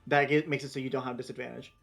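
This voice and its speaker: A man's voice: mid-range voice, level tone, very fast, vocal fry, fairly bright tone, faint music behind. A man running a tabletop game as game master, talking loosely with lots of fillers and restarts.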